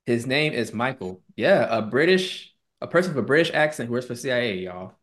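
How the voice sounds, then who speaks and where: A man's voice: medium pitch, a little fast. A man co-hosting a casual podcast, telling a story animatedly and quoting the people in it. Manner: animated retelling, quoting people in put-on tones. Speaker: podcast co-host.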